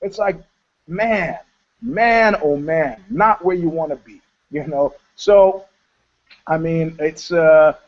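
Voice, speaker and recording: Animated storytelling man, lo-fi sound. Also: a little high, slow. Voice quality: animated, profane, laughing storyteller. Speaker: co-host. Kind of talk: casual storytelling chat. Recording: dull lo-fi sound.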